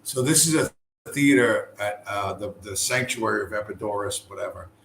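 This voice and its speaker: Man vlogger, low voice, rambling profane chat, echoey room with faint noise. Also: moderate pace, creaky, a bit bright. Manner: rambling, profane, many fillers and restarts. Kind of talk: casual travel chat to camera. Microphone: camera mic.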